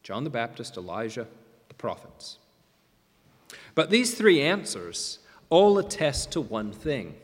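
A man preaching a sermon as pastor, emphatic, with dramatic pauses and swings between loud and soft. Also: medium pitch, big pitch swings, husky. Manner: emphatic, rising and falling delivery with dramatic pauses. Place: church sanctuary. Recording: long reverb of a large hall.

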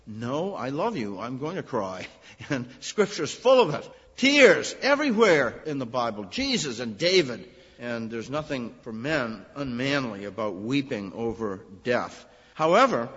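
A man preaches a sermon in a husky voice of middle pitch, moving from relaxed storytelling to emphatic, rising points. The sound is dull and lo-fi and rings with a long reverb, like a church sanctuary. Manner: conversational storytelling with emphatic rises. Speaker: minister.

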